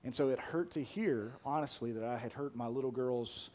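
A pastor in his thirties with a medium-pitched voice preaches a sermon, emphatic and deliberate at first. He then turns soft and hushed as he tells a personal story.

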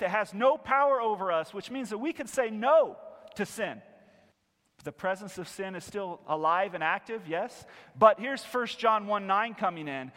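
A man teaching a sermon in an earnest, emphatic way, repeating key phrases and moving between loud and quiet. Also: on the high side. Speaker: preacher and biblical counselor. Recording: long hall reverb.

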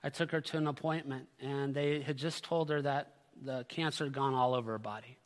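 A man's voice: medium pitch, steady tone, brisk, in a large hall. A middle-aged man preaching a sermon to his church, earnest and calling out to the congregation. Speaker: pastor. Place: church sanctuary.

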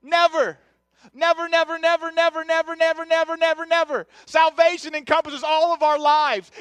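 A middle-aged man preaches with rising passion, his voice very high and bright. He drives his points home with repeated, shouted phrases, and the sound is dry and close. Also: no room sound. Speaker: pastor. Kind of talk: sermon. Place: church sanctuary.

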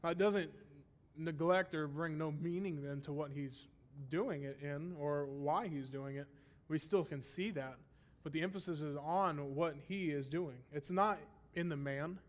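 A man's voice: fairly high pitch, measured pace. A man teaching a Bible lesson in a sermon style, explaining step by step and often checking in with a rhetorical "right?". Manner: stresses repeated phrases for emphasis.

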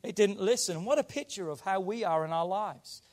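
Male pastor, high-pitched voice, conversational preaching with hushed stretches and emphatic lifts. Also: brisk. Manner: conversational preaching, dropping to a hush then rising with emphasis. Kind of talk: sermon.

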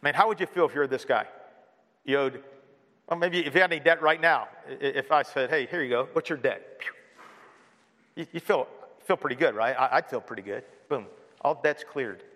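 A man's voice: medium pitch, fairly quick, fairly bright tone. A man preaching a sermon as pastor, earnest, with many rhetorical questions. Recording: long hall reverb.

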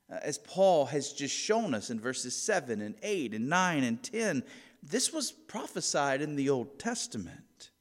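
A man delivers an expository sermon in a slightly raised voice, pressing on key words with earnest emphasis. His voice rings out with a long reverb, as if heard in a large church sanctuary. The delivery is deliberate and teaching-focused. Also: a little high. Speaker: preacher.

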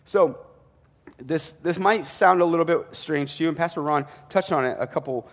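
A man's voice: on the high side, normal speed, big-room sound. A man preaching a sermon as a pastor, in a conversational way with asides and self-corrections.

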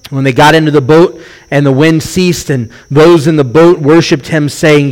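Animated preaching man, fairly high voice. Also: normal speed. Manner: animated storytelling, acts out quoted voices. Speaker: rabbi. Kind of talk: sermon.

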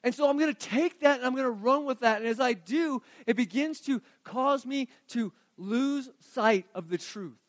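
A man's voice: very high voice, normal speed, hardly any pauses, dry recording. A man preaching a sermon as pastor, reading scripture aloud and driving his points home with earnest emphasis. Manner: earnest preaching, swings from quiet reading to emphatic rising delivery.

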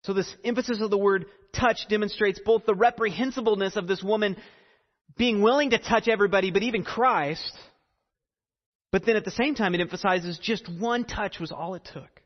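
A man preaching a sermon earnestly, repeating phrases and pausing for effect. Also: high-pitched, in a large hall, dull audio. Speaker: pastor.

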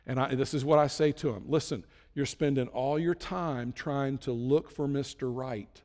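A man preaching a conversational sermon as a pastor, emphatic, with sudden loud bursts. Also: mid-range voice, fairly even intonation, moderate pace, in a large hall.

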